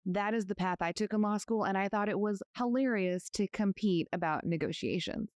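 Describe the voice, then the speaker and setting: A woman's voice: mid-range voice, fairly quick, a little mellow, no echo, clean studio sound. A woman hosting a podcast interview, telling stories in a friendly way and laughing easily. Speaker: podcast host, lawyer. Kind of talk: conversational interview.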